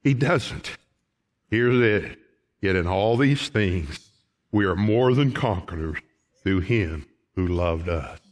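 A middle-aged man preaching a sermon in a church, folksy, calling the congregation folks, swinging from shouted lines to quiet ones. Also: low-pitched, lively intonation, takes it slowly, pauses often. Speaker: pastor. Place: church sanctuary.

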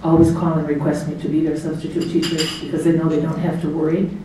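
A woman's voice: low voice, flat delivery, fast talker. Middle-aged woman chatting thru a speech at her party, laughs a lot, acts out the quotes, faint room hiss. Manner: chatty storyteller, laughs often, acts out what people said. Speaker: guest of honor giving a speech. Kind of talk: anecdotal speech to a party crowd. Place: hotel banquet room. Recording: echoey banquet hall from far off.

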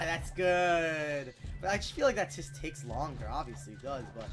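A gameplay YouTuber giving casual let's-play commentary in an excitable, chatty way, quick to exclaim. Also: medium pitch, soft background music.

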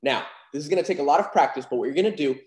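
A man's voice: fairly high pitch, animated, racing, darkish tone. A young man casually teaching card handling, upbeat and chatty, full of "like" and "super cool". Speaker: magic instructor. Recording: roomy echo.

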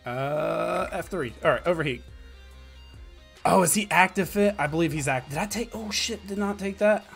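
A man's voice: sits high, normal speed, gravelly, slightly rough, faint music behind. A man commentating his own live gameplay, muttering and swearing as the fight swings. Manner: excitable, swearing, muttering under breath. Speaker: game streamer.

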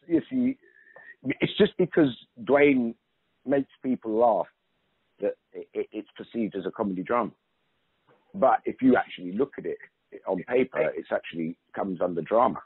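A man's voice: medium pitch, big pitch swings, moderate pace, slightly rough, no room sound. A middle-aged man talking as an interview guest, emphatic and chatty, restarting sentences and saying "you know" a lot. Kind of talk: casual conversational interview. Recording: narrow phone-like line.

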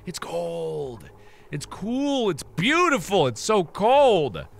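Excitable man narrating his gameplay. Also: high-pitched, slow pace, gravelly. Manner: excitable, swings from loud squeals to muttered asides. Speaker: gaming channel host. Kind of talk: let's play commentary.

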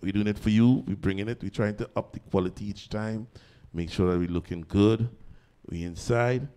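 A man's voice: on the low side, moderate pace, warm tone, clear, resonant tone, faint music behind. Jokey man hosting. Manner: jokey, chatty, laughs easily. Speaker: online concert host. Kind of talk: live show hosting.

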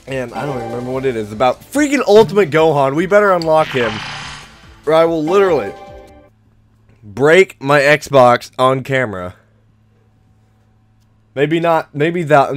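A man hosting a let's play, chatting casually over gameplay with sudden loud frustrated outbursts. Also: medium pitch, dry recording.

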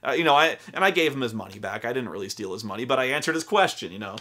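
A man's voice: mid-range voice, animated, rapid-fire, sharp tone. A young adult man hosting a casual talk about tabletop role-playing games, rambling and profane, full of acted-out quotes. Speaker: host.

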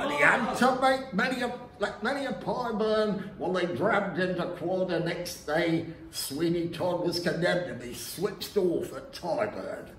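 A man performing a comic music-hall song at a folk club, half singing and half speaking, with theatrical shouted outbursts. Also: high-pitched. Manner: theatrical, with sudden shouted interjections. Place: live folk club room. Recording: echoey room with faint ambience.

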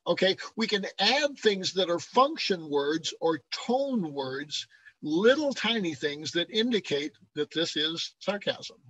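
A man's voice: high voice, fairly bright tone, dry recording, rough recording. A man giving a classroom lecture on Bible translation, often checking in with the class and chuckling as he explains.

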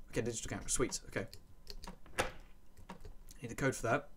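A man commentating his own gameplay, muttering to himself and breaking into excited yelps. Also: mid-range voice, fast talker, long pauses, very noisy. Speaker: let's play gamer.

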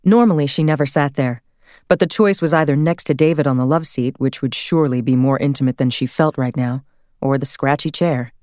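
A woman narrating an audiobook in a measured, expressive reading. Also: extremely low pitch, no echo, clean studio sound. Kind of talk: scripted narration.

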